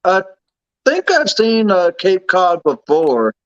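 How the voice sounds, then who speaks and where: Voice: medium pitch, big pitch swings, slow pace, dull audio. A stream guest speaking in hesitant casual chat, full of uhs and restarts.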